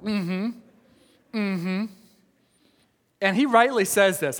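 A man with a high voice preaches in an animated, storytelling way, laughing and acting out quotes. His voice rings with the long reverb of a church hall. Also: slow pace, pauses often. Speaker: pastor. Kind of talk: sermon.

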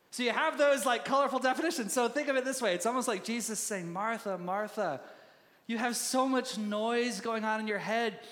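A male pastor preaching a sermon in a conversational, animated way and laughing easily. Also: very high voice, big-room sound.

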